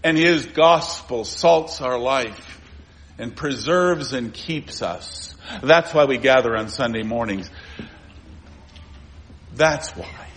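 A male pastor preaching a sermon, pressing rhetorical questions and swinging between urgent, raised lines and low, quiet ones. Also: slow, a little hiss or hum.

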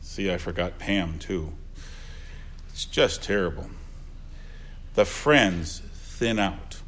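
An older male pastor preaches an earnest funeral sermon in a low, slow voice. He repeats phrases and moves between soft asides and louder moments of emphasis.

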